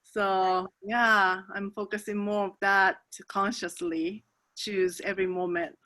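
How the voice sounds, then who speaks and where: A woman talking slowly and gently as a guest in a spiritual interview, often pausing on soft fillers. Her voice is recorded close and dry, with no room sound around it. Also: mid-range voice, level tone, dry recording. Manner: soft, hesitant, many fillers.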